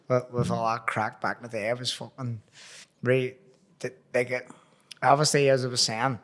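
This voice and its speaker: A man's voice: medium pitch, flat delivery, normal speed, fairly bright tone. A man with a Belfast accent, hosting a podcast and reminiscing in rambling, slangy casual chat. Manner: rambling, nostalgic, uses slang like "wee" and "crack". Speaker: podcast host.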